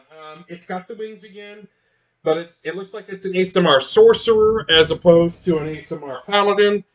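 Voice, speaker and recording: A man's voice: a little high, a bit bright. A man chatting casually as he unboxes miniatures, rambling with many fillers and restarts. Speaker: miniatures collector unboxing blind boxes.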